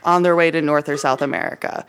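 A woman co-hosts a casual history podcast, presenting her research as a chatty story packed with "like," "uh," and playful slang. Her voice is deep and fairly even, she talks fast, and there's slight background noise.

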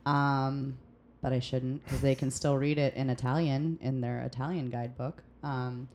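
A woman from the United States, a restaurant server, chatting as a podcast guest and telling lively stories about work. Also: rumbling low, moderate pace, slight background noise. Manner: animated storyteller, acts out quoted people. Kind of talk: casual podcast conversation.

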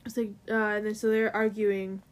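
A woman's voice: mid-range voice, little pitch movement, moderate pace. A woman in casual chat, retelling a comic's story in a loose, filler-heavy way full of "like" and "um".

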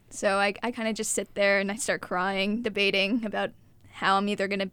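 A young woman telling a story in casual podcast chat, acting out what people said with lively energy. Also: mid-range voice, a little fast, clean tone, no room sound. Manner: animated, acts out quotes.

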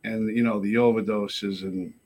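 A man's voice: lowish voice, steady tone, moderate pace, darkish tone. A middle-aged man, a podcast guest telling his recovery story in a rambling, profane way full of "you know". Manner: rambling, profane, frequent 'you know'. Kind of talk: casual storytelling.

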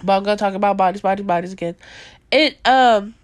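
A young woman hosting a casual podcast about movies, talking in an animated way with a lot of fillers and frequent laughter. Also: medium pitch, quick pace, no echo. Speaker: podcast host. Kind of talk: casual chat reviewing movies.

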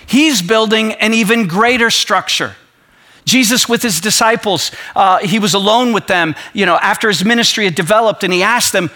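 An impassioned male pastor delivers a sermon in a high, bright voice. His tone is forceful and tense, and it builds in fervor as he reads scripture aloud. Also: normal speed.

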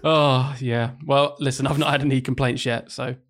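A man's voice: mid-range voice, normal speed. A man, a primary school teacher co-hosting a podcast, chatting casually and telling stories with laughs. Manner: animated storytelling, acting out kids' voices with laughs. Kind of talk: casual chat.

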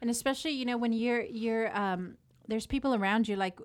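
A woman hosting a casual faith podcast, reading scripture aloud and talking it over earnestly with pauses and fillers. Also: a little high. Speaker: podcast host.

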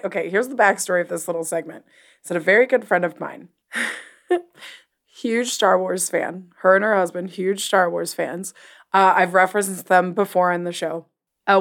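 A woman co-hosting a podcast and reviewing a TV episode in casual chat, excitable and animated, acting out her own reactions. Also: mid-range voice. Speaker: podcast co-host.

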